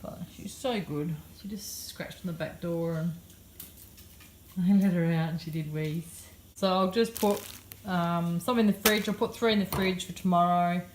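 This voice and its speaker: A woman's voice: lowish voice, fairly even intonation, unhurried, a little hiss or hum. A woman in her thirties with an Australian accent, casually narrating a daily vlog from her home kitchen in a rambling, chatty way. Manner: chatty, rambling, many fillers. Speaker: vlogger.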